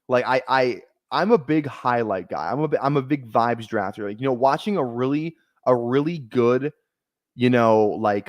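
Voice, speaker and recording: A man streams his fantasy football drafts, chatting casually in a rambling, joking, self-deprecating way. His voice is mid-range, and the sound is clean studio quality with no echo.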